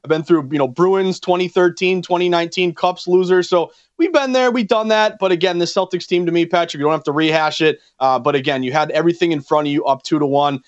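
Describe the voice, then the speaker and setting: A man from New England co-hosts a sports betting show, and his words come out in a quick, excited rush. His voice sits a bit high and sounds slightly muffled and lo-fi. He restarts his sentences often as he rambles on. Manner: fast, enthusiastic, rambling with restarts. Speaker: co-host. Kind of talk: sports betting radio chat.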